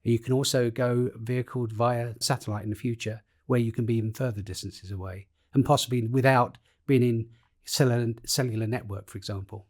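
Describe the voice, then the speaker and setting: A man's voice: mid-range voice, fairly even intonation, fairly quick, darkish tone. A man, a professor, explaining technology through everyday comparisons, often restarting his sentences. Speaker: professor and guest expert. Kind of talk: podcast interview.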